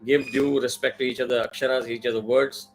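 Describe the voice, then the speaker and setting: A man's voice: mid-range voice, level tone, fairly quick, a little hiss or hum, poor audio. A man teaching a mantra in an online class, with careful pronunciation drills and many fillers. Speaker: Vedic chanting teacher.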